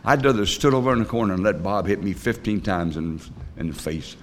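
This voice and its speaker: An older man giving a personal recovery testimony at a meeting, telling his story in a rambling, earnest, plain-spoken way with folksy grammar and frequent pauses. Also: sits low, expressive, a little hiss or hum.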